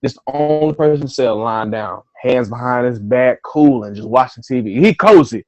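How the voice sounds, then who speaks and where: A man guest on a podcast, telling a story in a casual, animated way, swearing freely and acting out his own reactions. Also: medium pitch, moderate pace, dry recording, lo-fi sound.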